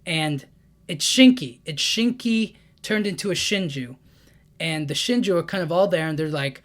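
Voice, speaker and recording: A man's voice: a little high, lively intonation, moderate pace, fairly bright tone. A young man casually recapping a comic chapter, rambling with many 'you know what I mean' fillers. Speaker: manga breakdown YouTuber.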